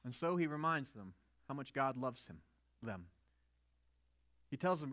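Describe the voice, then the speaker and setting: Male pastor, sermon, conversational, rhetorical questions, high bright voice. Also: lively intonation, measured pace, pauses often.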